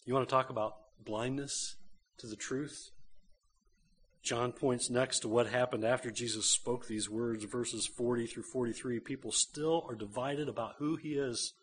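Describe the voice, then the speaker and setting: A man's voice: medium pitch, fairly even intonation, unhurried, slight background noise. A man, a pastor, preaching a conversational sermon to a church congregation.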